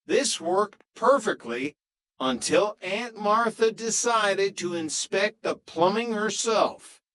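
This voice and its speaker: A man narrating a comic story as a scripted storybook reading, in an even, unhurried way. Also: high-pitched, slight background noise, poor audio.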